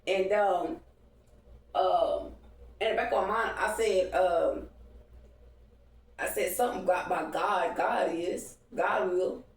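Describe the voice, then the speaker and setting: A woman's voice: on the low side, slow, long pauses, recorded from a distance. Rambling, profane woman in an echoey room. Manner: rambling, profane, addresses viewers as y'all. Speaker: vlogger. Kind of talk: casual late-night storytime. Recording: echoey room, voice a bit off-mic.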